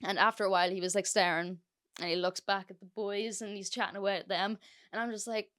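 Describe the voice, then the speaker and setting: A woman's voice: medium pitch, steady tone, quick pace, a bit bright. A young woman hosting a solo podcast, telling a story in a chatty, sweary way with lots of fillers. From Ireland. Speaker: podcast host.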